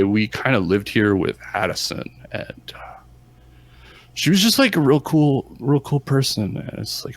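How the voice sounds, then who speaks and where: A man's voice: on the low side, gravelly. A man voicing a foul-mouthed young street punk who rambles with lots of fillers and turns paranoid. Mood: wistful. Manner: rambling, swears a lot, filler-heavy.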